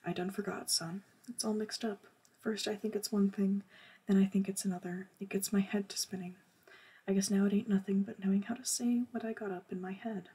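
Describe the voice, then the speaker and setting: A woman's voice: mid-range voice, steady tone, a little fast, warm tone, husky, poor audio. Figure: an old grieving former slave, read by a woman. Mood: sorrowful. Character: elderly woman, former slave, sorrowful and torn.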